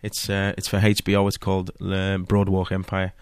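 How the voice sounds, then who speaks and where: A man with a Liverpool accent, an actor chatting as a guest and telling stories with lively energy. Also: sits low, clean tone, no echo, studio quality. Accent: Liverpool (Scouse). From Liverpool, England. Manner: animated storyteller, quick to laugh. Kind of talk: casual interview chat.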